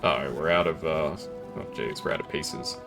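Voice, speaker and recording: A man's voice: a bass voice, normal speed, vocal fry, music in the background. A man casually commentating his gameplay on a live stream, chatty and self-deprecating, laughing often.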